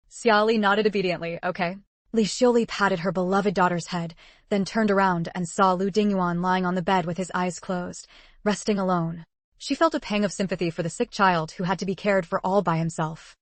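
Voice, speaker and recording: A woman reading a story aloud as narrator, in an even, steady scripted style. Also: lowish voice, normal speed, no echo.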